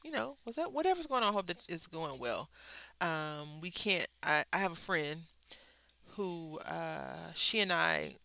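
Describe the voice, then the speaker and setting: A bright, forceful voice with a smooth, crisp tone talks casually while coloring. The host rambles from thought to thought, stops to correct themselves, and gently encourages anyone going through a hard time. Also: medium pitch, expressive, a little slow.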